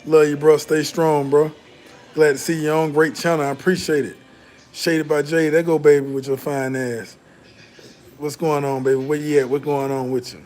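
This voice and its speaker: A man's voice: fairly high pitch, flat delivery, normal speed, a little mellow, slight background noise. A man from the American South, hosting a casual livestream and talking loosely and profanely with his chat. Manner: loose, laid-back, profane, repeats and restarts. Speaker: livestream host reading viewer chat.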